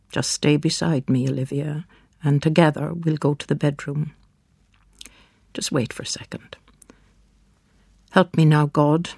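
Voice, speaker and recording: A man narrating in the first person as a father, hushed and halting in anguish, in a dramatic storybook reading. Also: fairly high pitch, creaky, no echo, clean studio sound.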